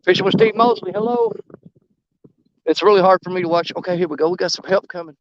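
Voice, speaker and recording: High-voiced man fishing outdoors. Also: fast talker, highs cut off. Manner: rambling, easygoing, greets viewers by name. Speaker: fishing livestream host. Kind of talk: casual live-stream chat while fishing. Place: outdoors on a riverbank.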